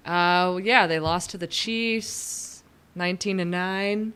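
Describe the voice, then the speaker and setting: Quiet, teasing woman co-host. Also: on the low side, steady tone, slow, clean tone. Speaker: co-host reading chat. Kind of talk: casual livestream banter.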